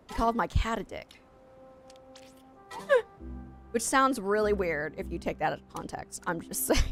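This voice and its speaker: A woman's voice: mid-range voice, fairly bright tone. A young adult woman streaming a game, chatting casually and rambling straight to her viewers. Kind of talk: casual live-stream chat.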